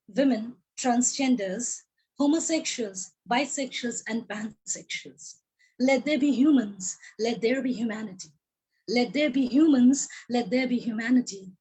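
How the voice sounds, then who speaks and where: A poet reads her own work on a video call, her voice on the high side with a darkish tone. She repeats lines to emphasize them, though she coughs and her voice grows tired during the recital.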